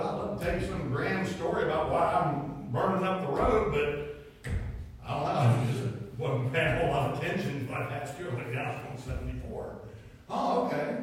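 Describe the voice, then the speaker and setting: A man preaches in a folksy, storytelling way, building to emphatic points. His slightly high voice rings through a church hall, picked up from a distance with a long, echoing tail. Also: a little hiss or hum. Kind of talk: sermon. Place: church sanctuary.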